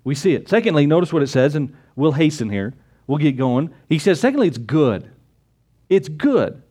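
A man preaching a sermon with scripture quotes and rhetorical questions, swinging between loud emphatic exclamations and low conversational asides. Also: big pitch swings, fast talker, slightly rough. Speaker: pastor.

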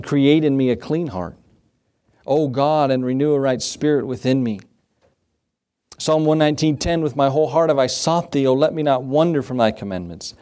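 A man's voice: medium pitch, a little mellow. A male pastor delivering an evening sermon to a small congregation. His voice climbs and presses forward whenever he acts out a pleading prayer, then settles back into plain teaching as he reads the verses aloud. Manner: impassioned preaching, rising for quoted prayers. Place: small church.

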